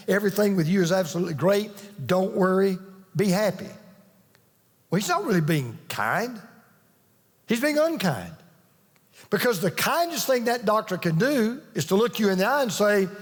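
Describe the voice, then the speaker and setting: Earnest pastor preaching in a reverberant hall. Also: male voice, high-pitched. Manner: earnest storytelling, emphatic with restarts. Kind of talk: sermon. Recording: long reverb of a large hall.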